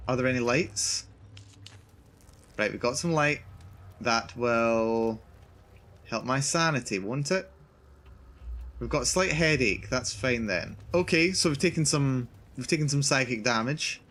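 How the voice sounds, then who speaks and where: A man's voice: mid-range voice, measured pace, pauses often, fairly bright tone. A male streamer giving live commentary on a horror game, nervous and repeating himself as he narrates his own fear. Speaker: VTuber streamer.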